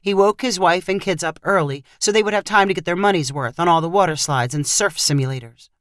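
Low-voiced woman narrating a short story. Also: brisk, dry recording, clean studio sound. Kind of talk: scripted narration.

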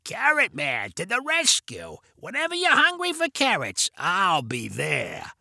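A man voicing Carrot Man, a goofy male character with an exaggerated raspy growl, drawn out slowly in a weird sing-song way. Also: high-pitched, huge pitch swings, bright, forceful tone, no echo, clean studio sound, heavily acted.

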